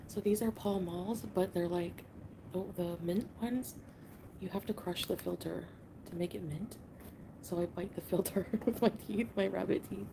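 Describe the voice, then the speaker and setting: A tearful woman rambling softly in a late-night livestream from her home, often half-whispering. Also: mid-range voice, fairly even intonation, normal speed, gravelly, background noise. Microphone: phone livestream.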